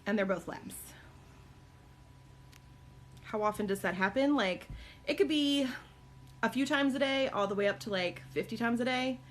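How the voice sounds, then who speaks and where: A woman's voice: moderate pace, long pauses, a little hiss or hum. A middle-aged woman chatting casually on a live stream from her home, answering viewer questions with many ums and likes. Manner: high cooing baby talk to her dogs. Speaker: live-stream host and caregiver mom.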